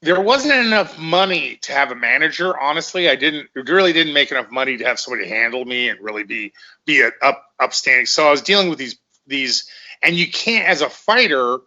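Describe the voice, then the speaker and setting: A middle-aged man, a former fighter, tells rambling, profane stories and keeps repeating himself. His voice is forceful and sits a bit high. The recording sounds slightly dull and lo-fi. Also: lively intonation, a little fast. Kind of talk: casual storytelling in conversation.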